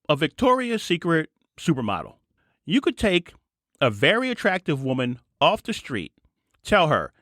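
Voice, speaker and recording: A man hosting his own podcast, delivering an opinionated solo monologue in a sarcastic, ranting way that jumps to a higher voice when he gets worked up. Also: no echo, clean studio sound. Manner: animated, sarcastic ranting with sudden jumps in pitch. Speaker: podcast host.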